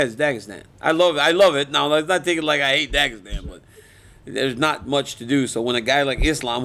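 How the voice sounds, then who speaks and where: A man in his forties fields reporters' questions in a casual interview. He tells his stories in an animated way and laughs often. His voice sits somewhat high for a man. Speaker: interviewee, MMA fighter and analyst.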